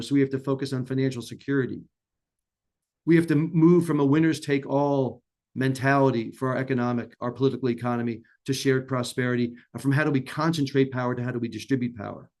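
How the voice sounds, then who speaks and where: A man's voice: medium pitch, a little mellow. A man giving an earnest, emphatic conference talk to business leaders, often restarting his phrases. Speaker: conference speaker.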